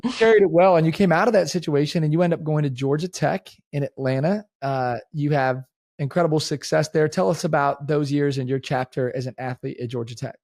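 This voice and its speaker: A man with a fairly high speaking voice hosts an interview, recorded with a dry, close sound. He frames his questions in a measured, encouraging way. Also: darkish tone, no echo. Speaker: podcast host.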